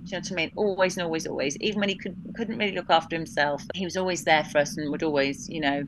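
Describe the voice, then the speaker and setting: A woman's voice: low voice, steady tone, rapid-fire, noisy background. A woman guest telling a personal story of grief and gratitude in a candid, reflective way, quoting what others said to her. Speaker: podcast guest.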